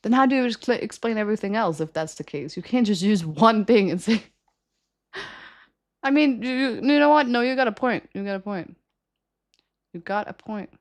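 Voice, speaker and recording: A woman's voice: medium pitch, lively intonation, moderate pace, pauses often. A young woman streaming and chatting casually with viewers, giggling often and ranting with plenty of swearing. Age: young adult.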